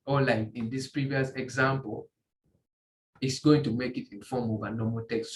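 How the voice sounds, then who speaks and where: A man teaching a beginner's coding tutorial, walking through screen examples in a halting way, often repeating and restarting phrases. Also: mid-range voice. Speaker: tutorial instructor. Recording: echoey room, faint ambient noise.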